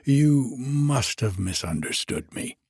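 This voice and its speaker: A man reading aloud and voicing a hunted, evasive innkeeper who talks slowly and repeats himself. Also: medium pitch, lively intonation, gravelly, darkish tone, slightly rough, dry recording, clean studio sound, exaggerated voice. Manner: slow, hesitant and repetitive.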